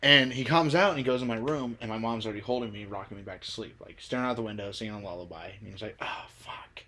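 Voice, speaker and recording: A young man with a bright, forward voice, telling stories in a relaxed, swearing, chatty way. He laughs through his tales, and a faint room ambience sits behind him. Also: on the low side, racing, slight background noise. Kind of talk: casual chat, storytelling.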